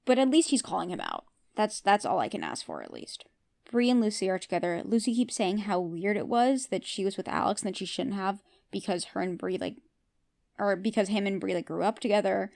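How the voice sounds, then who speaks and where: A woman hosting a podcast recaps a TV episode scene by scene in a casual, chatty, opinionated way, often asking her listeners questions. Her voice sits in the mid range with big pitch swings, and she talks fairly quickly with a gravelly, slightly mellow tone.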